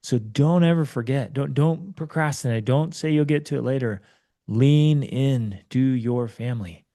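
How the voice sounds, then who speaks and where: As an interview guest, a man in his forties speaks a little slowly in a dark, mellow voice of medium pitch. In conversation he tells personal stories with urgent, emphatic conviction, turning preachy and leaning into his points like a pep talk.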